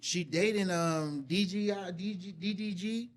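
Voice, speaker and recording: A man's voice: sits high, measured pace. A young man co-hosting a podcast, chatting casually with loose slang and frequent laughs. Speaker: podcast co-host. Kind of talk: casual chat.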